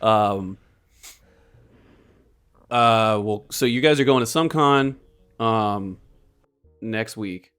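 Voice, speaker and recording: A man's voice: fairly low pitch, extremely slow, pauses often, a bit bright, clear, resonant tone. A man in his late twenties hosting a casual podcast chat, laid-back and trailing off at times. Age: 20s. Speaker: podcast host.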